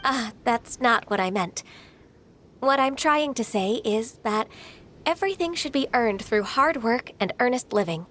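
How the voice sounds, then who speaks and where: Brief: shy earnest young woman, hesitant, a bit high, faint game music. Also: lively intonation, measured pace. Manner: soft-spoken, hesitant, earnest. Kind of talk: video game voice acting.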